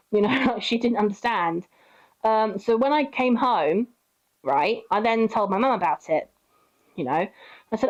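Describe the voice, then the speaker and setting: A woman's voice: mid-range voice, normal speed. Woman in her twenties, chatty storytime vlogger; rambling delivery, muffled lo-fi mic. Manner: rambling, with many fillers and acted quotes. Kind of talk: casual storytime monologue. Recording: dull lo-fi recording.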